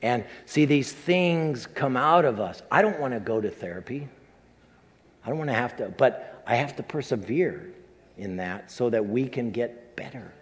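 An older man, a pastor, delivering a personal sermon in a halting, emotional way, full of restarts, in a church sanctuary. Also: mid-range voice, lively intonation. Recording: long reverb of a large hall.

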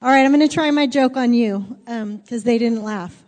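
A woman pastor's slightly mellow, somewhat high voice carries at a normal pace through a church sanctuary, echoing with a large hall's long reverb. Her sermon is candid, chatty and self-deprecating.

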